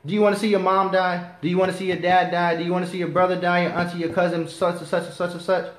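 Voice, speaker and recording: Male preacher, slightly high voice, impassioned sermon delivery, echoey room. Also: level tone, fast. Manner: impassioned, rising to righteous anger. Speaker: preacher teaching a class. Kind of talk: sermon with scripture reading.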